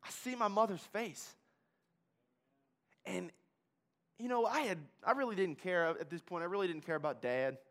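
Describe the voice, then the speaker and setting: A man's voice: high-pitched, moderate pace, long pauses, fairly bright tone. A man giving an emotional personal testimony, telling his story intensely and repeating key phrases for weight.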